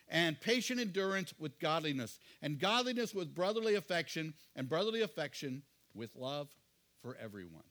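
A middle-aged male pastor preaching a sermon, earnest, often asking the congregation questions and dropping to quiet asides. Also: a little high.

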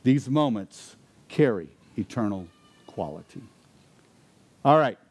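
A man preaching a sermon, asking rhetorical questions and dropping to quiet intensity for emphasis. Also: mid-range voice, animated, takes it slowly, breathy edge. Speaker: pastor.

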